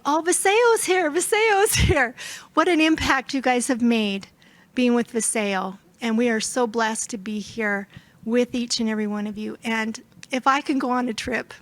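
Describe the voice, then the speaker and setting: A woman speaks gratefully and earnestly to a convention crowd. Her voice sits slightly high. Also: poor audio. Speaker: charity representative. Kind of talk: stage remarks. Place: convention stage.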